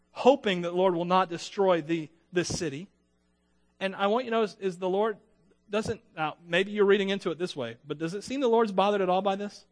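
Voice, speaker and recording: Higher pitched guy preaching, chatty and lively, does little voices for the bible people. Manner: animated, acts out biblical voices; conversational, joking asides. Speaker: pastor. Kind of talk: sermon.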